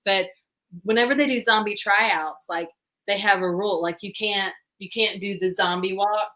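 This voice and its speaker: A woman hosts a relaxed chat. She tells stories in a bright, forward voice and laughs often as she goes. Her pitch sits in a middle range for a woman. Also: moderate pace. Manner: animated storyteller who laughs often. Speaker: host. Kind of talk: casual chat.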